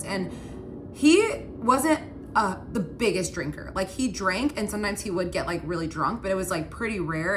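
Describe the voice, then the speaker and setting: A woman's voice: medium pitch, noisy background. A young woman casually telling a personal story, chatty and full of "like" fillers. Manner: chatty, many "like" fillers, upset retelling.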